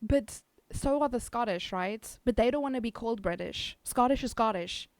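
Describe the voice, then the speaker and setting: A woman's voice: on the high side, normal speed, no room sound. A South African woman streamer chatting casually with her viewers, giggly and self-teasing. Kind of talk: casual chat reading viewer messages.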